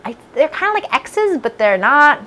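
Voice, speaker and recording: Her voice sits high and sharp, swinging widely in pitch at a normal pace. She's a podcast host having a casual, rambling chat full of self-deprecation, recording from a home basement room warmed by a space heater.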